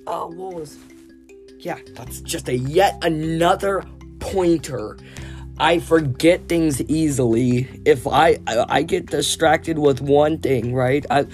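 Low-voiced stuttering woman rambling to mic. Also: slow pace, faint music behind. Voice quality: stutters, repeats words. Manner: self-mocking, jumps between loud outbursts and mumbling. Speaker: podcast host. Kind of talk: rambling solo podcast. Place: home recording studio room with her dog.

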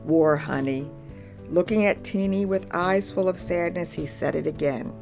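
A woman with a lowish voice narrates a storybook in a measured, even way. Faint music plays softly underneath her reading. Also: vocal fry.

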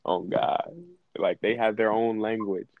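A man's voice: lowish voice, fairly even intonation, a little slow, no room sound. A man co-hosting a podcast in casual chat, rambling and profane, and padding his lines with "like". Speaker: podcast co-host. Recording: dry, dull lo-fi audio.

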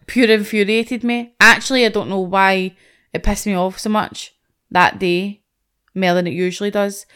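A Scottish woman co-hosting a casual chat podcast, talking in an animated, sweary, ranting way. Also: mid-range voice, moderate pace, clean tone. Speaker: podcast co-host.

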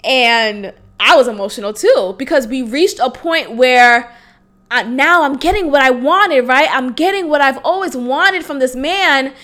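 Woman, late 20s, solo podcast host; high, bright voice; candid and casual, salty language, laughs easily. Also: animated, measured pace. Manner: frank and casual, swearing freely and breaking into laughter.

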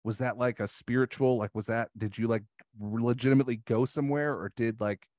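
A man's voice: mid-range voice, steady tone, darkish tone, no room sound, studio quality. A man chatting as a podcast guest, thinking aloud with many restarts and filler words. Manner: thoughtful, halting, with many restarts and filler likes. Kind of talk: casual conversational chat.

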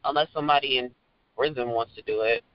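A man co-hosting a casual podcast, joking and agreeable, answering quickly. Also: mid-range voice, dry recording. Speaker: podcast co-host. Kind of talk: casual political chat. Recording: dry, muffled lo-fi audio.

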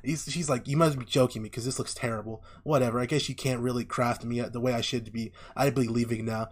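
A young man in casual chat, retelling a story with lively acted-out voices and lots of swearing. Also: medium pitch, fast, breathy edge. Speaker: podcast co-host. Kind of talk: casual chat, animated retelling of an anime plot.

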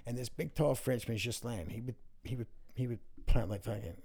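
Gravelly man telling rambling stories. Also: mid-range voice, a little fast, darkish tone. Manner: rambling, profane, full of "right?". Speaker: guest. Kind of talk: casual storytelling.

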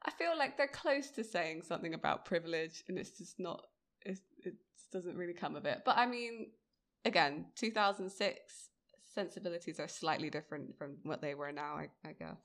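A woman's voice: lowish voice, lively intonation, moderate pace, fairly bright tone. A woman co-hosting a podcast, chatting casually about a TV episode, laughing often. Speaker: podcast co-host. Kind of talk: casual chat recapping a TV episode.

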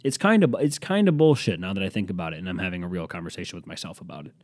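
A young man talks alone into a close mic, pitched a bit low and recorded very dry. He rambles from one story to the next, mocks himself and swears casually. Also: animated, racing, darkish tone, dry recording. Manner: rambling, self-deprecating, profane, jokey. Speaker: podcast host. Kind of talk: solo podcast monologue.

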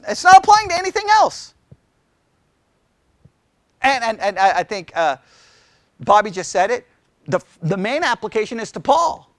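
Middle-aged male Bible study teacher, high voice, dry close mic, lively and conversational with the group. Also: no echo. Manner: chatty, animated, asks the group questions.

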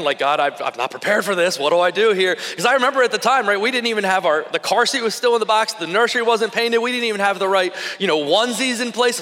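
Pastor, man, 30s: high, bright voice, chatty animated sermon storytelling, echoey hall. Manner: animated storytelling, conversational with many fillers. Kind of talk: sermon with personal stories. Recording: echoey hall with long reverb.

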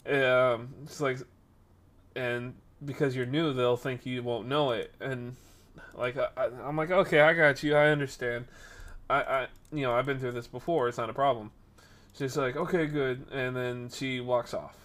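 An animated young man spins a workplace story for his stream. He talks at a mid pitch, keeps a casual tone, and slips into the voices of the people he quotes. When the story heats up, he gets loud. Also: moderate pace. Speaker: streamer telling stories.

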